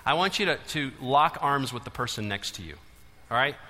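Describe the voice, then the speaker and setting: A man preaching a sermon to a large church congregation, swinging between loud urging and hushed intensity. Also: mid-range voice, animated, a little fast. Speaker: pastor. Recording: long hall reverb.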